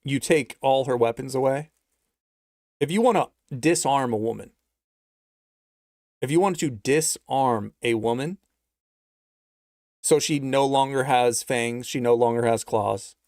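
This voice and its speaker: A man hosting a livestream, talking in a sarcastic, rambling way and reading out messages from his chat, with stretches of mock-anxious rapid-fire questions. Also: medium pitch, a little mellow, no echo, studio quality. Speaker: livestream host.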